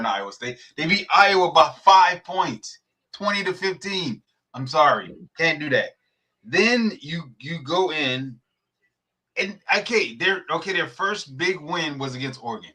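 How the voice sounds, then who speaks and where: A man argues sports on a podcast, fired up and swearing freely. His voice sits a little high and rings bright and forceful. He keeps circling back to the same point with mounting heat. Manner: heated, profane, animated ranting. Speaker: podcast co-host. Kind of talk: casual sports debate.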